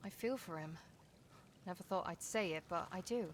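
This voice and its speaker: An actress playing a blunt, wry game heroine who talks to a ghost and keeps a spoken diary. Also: female voice, fairly low pitch, lightly acted. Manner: wry, blunt, quick to anger. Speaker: game protagonist. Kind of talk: game dialogue and diary monologue. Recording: noisy game ambience.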